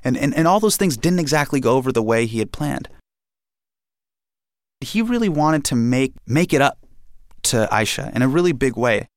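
A young man from India telling a personal story in a lively, animated way, acting out the quotes. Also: mid-range voice, moderate pace, pauses often, no echo, studio quality.

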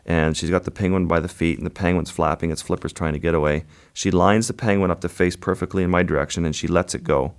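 A man, a guest photographer, recounting an encounter in a vivid, measured way during an interview. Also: low voice, steady tone. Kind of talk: storytelling interview.

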